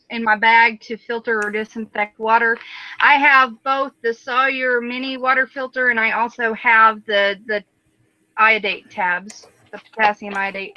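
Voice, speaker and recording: A woman's voice: fairly high pitch, dull audio, slight background noise. A woman hosting a casual online panel who chats and reads viewer comments aloud. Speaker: panel host.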